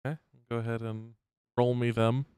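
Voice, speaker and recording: A man narrating as game master of a tabletop game, with relaxed, halting narration full of fillers. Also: mid-range voice, clean tone, no room sound.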